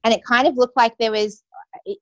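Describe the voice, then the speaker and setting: A woman's voice: fairly high pitch, a little fast, a bit bright, no echo, dull audio. A young adult woman telling a personal story as an interview guest, casual and full of "like" and "you know". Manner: casual, heavy use of "like" and "you know" fillers.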